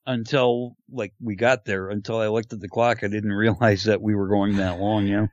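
A man's voice: on the low side, level tone, normal speed, dry recording, dull audio. A man co-hosting a casual podcast chat, hesitant and wry, chuckling at his own jokes. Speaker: podcast co-host.

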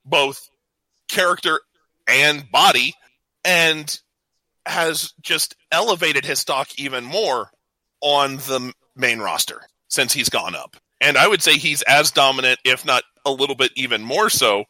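Man, very bright forceful tone, rambling podcast chat, dry close sound. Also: mid-range voice, unhurried, no room sound, low-quality recording. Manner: rambling, many restarts. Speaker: podcast co-host. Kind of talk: casual wrestling podcast chat.

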